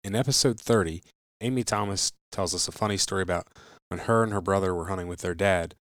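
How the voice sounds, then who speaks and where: A man introduces clips on his podcast in a plain, steady way. His voice is very low, and the sound is dry and close. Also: fast talker, no room sound. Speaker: podcast host.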